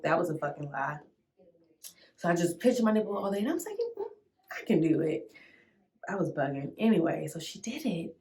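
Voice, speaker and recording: A young woman vlogger casually telling a dramatic storytime, full of slang, sudden squeals and loud outbursts. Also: fairly low pitch.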